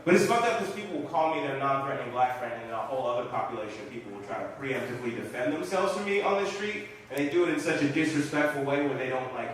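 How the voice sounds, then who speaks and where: A young man doing a stand-up set in a small comedy theater, animated and loud when he acts out lines to the crowd. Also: mid-range voice, rapid-fire, few pauses, heavy reverb, far from the mic, a little hiss or hum, poor audio.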